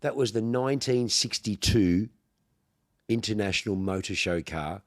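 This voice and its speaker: A man's voice: lowish voice, moderate pace. An Australian man with a Melbourne accent, hosting a casual podcast chat and telling slangy, swearing stories, acting out what people said. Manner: broad slangy storyteller, swears freely, acts out quotes. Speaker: podcast host, car dealer.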